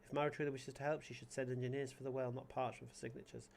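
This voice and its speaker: A man's voice: mid-range voice, little pitch movement, gravelly, a little hiss or hum, lightly acted. A man reading out a wary village elder. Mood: guarded. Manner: measured, reading text aloud. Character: wary male village elder, measured and guarded.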